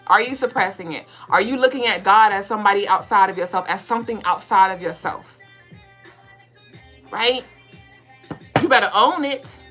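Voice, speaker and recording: A woman co-hosting a podcast of casual spiritual talk. She speaks bluntly, swears freely and fires off rapid rhetorical questions. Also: medium pitch, a bit bright, faint music behind. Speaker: podcast co-host.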